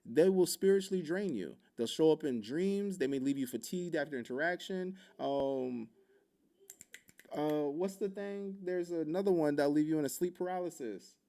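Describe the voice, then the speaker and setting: A man's voice: on the high side, moderate pace, warm tone. A man hosting a podcast, telling a story in loose, profane casual talk full of fillers. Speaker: podcast host.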